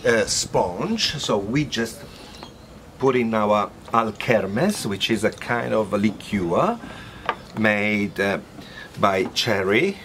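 Playful man, lively pitch. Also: slow pace, a little hiss or hum. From Italy. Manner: playful, exclaims, hums tunes while cooking. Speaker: cooking show co-host. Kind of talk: casual cooking demonstration.

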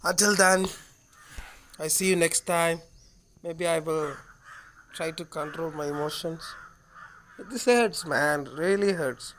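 A man's voice: on the high side, fairly even intonation, a little slow, long pauses, fairly bright tone, a little hiss or hum. A man hosting a gaming channel, giving gameplay commentary while he swears, vents his frustration and apologizes to viewers. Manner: frustrated, swearing, venting openly.

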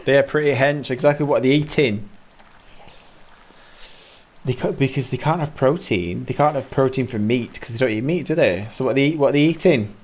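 A man's voice: mid-range voice, a little fast. A man commentates live over his game from an indoor room, his mid-range voice jumping between mock outrage and laughter. He reads and teases his chat as he plays. A faint noise sits under the recording. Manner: animated, exclaiming, laughing, teasing chat. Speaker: game streamer.

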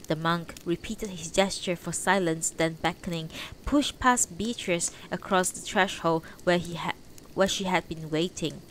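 A woman's voice: on the low side, a little slow, a bit bright, a little hiss or hum, low-quality recording. A woman reading a novel aloud on a livestream, unpolished, correcting her slips as she goes. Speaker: audiobook reader on a livestream.

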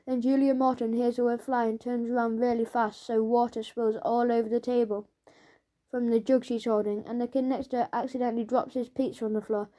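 A woman reads a children's audiobook aloud in the voice of a schoolboy telling his own story. Her delivery is lively and playful, sitting a little high with a soft, mellow tone. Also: a little fast. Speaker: audiobook narrator.

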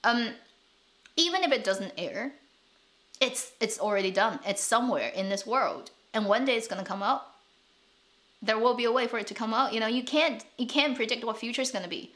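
A woman's voice: fairly high pitch, brisk, a bit bright. Chatty woman, North American accent. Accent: North American English. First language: Chinese. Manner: chatty, rambling, frequent restarts and laughs. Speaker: drama channel host. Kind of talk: casual chat to camera.

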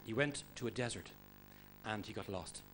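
A man doing stand-up comedy, loud and energetic, swearing and mimicking for the crowd. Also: fairly low pitch, moderate pace. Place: comedy club stage before audience. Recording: noisy live club recording.

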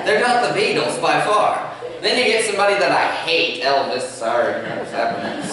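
A man preaching a sermon as pastor, animated, with light humor in his storytelling. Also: on the high side, moderate pace, a crowd in the background. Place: church sanctuary. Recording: echoey church, speaker far from mic.

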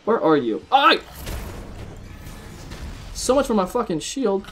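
A man hosting live gameplay commentary, excitable, swearing often and chatting to his viewers. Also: high-pitched, takes it slowly, music in the background. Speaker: gaming video host.

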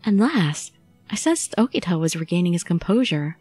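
A woman narrating a visual novel in the first person with a steady storytelling read. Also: lowish voice, moderate pace, faint music behind. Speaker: audiobook narrator.

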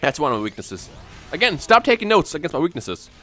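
A man hosting his own gaming channel, giving live gameplay commentary in an excitable way and rattling off repeated words when the action gets tense. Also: on the high side, faint music behind. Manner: excitable, repeats words rapidly under pressure.

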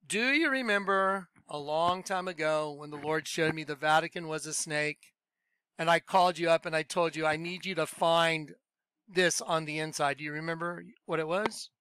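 High, bright-voiced excitable man. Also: moderate pace, clean tone, no room sound. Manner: emphatic, excitable, repeats points. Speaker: Christian video host. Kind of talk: excited religious commentary.

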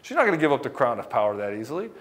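A man with a middle-pitched voice delivers a motivational coaching talk. He speaks bluntly and emphatically, swearing freely as he hammers his points home. Now and then he slips into acting out what a wife or husband might say. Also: sing-song, very fast, fairly bright tone. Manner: acts out quoted dialogue. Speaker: relationship coach.

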